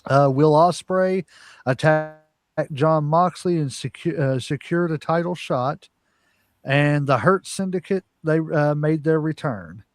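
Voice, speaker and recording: A man's voice: fairly high pitch, measured pace. A man co-hosting a podcast, casually reading weekly wrestling results with lots of "uh" fillers. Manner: reads results with frequent "uh" fillers. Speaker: podcast co-host.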